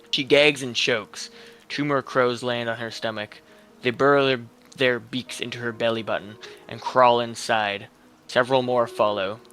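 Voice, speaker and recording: A man's voice: medium pitch, sharp tone. A man narrating a horror story in the first person, with a tense, vivid telling.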